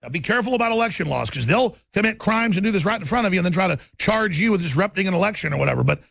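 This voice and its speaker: Gravelly high-pitched ranting male host. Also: lively intonation, dry recording. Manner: forceful, rapid, stammering restarts. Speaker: radio talk show host. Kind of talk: ranting political talk.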